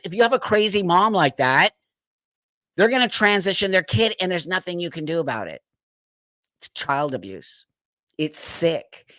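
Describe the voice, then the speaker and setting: A man's voice: sits high, a bit bright, dry recording. A man hosting a live stream, ranting in exasperation, swearing and laughing in disbelief. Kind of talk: casual live stream commentary.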